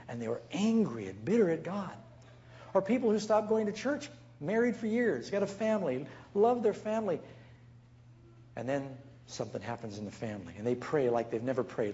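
A man's voice: mid-range voice, expressive, normal speed, a little mellow, highs cut off. A man preaching as a pastor, telling stories and acting out the people he quotes. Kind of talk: sermon.

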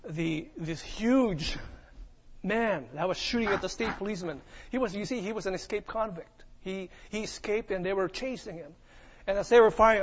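High-voiced preacher, lo-fi sound. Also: male voice. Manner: preaching with call-and-response questions and dramatic retelling. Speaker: pastor. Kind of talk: sermon.

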